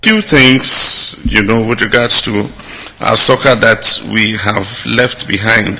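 A middle-aged man with a Ghanaian accent giving a public speech, measured and halting with fillers, turning emphatic. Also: lowish voice, sharp tone, slight background noise. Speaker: head of state giving a speech.

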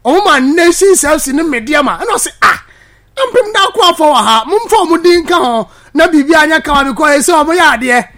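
A man with a Ghanaian accent presenting sports news, lively, switching between his local language and English. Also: extremely high pitch, fairly quick. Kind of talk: news commentary.

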